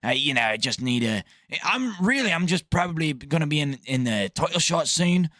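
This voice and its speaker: A man's voice: on the high side, big pitch swings, moderate pace, pushed and bright, no room sound, clean studio sound. A man putting on a mock to play a whiny male fighter making excuses.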